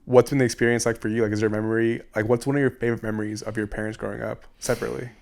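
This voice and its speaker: A woman hosting a casual interview, relaxed and encouraging, using casual slang. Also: a bass voice, racing, creaky. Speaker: podcast host.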